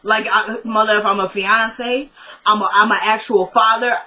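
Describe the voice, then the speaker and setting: A young woman casually recapping a TV episode, retelling the scenes in quick quoted dialogue. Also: mid-range voice, steady tone, pushed and bright, poor audio.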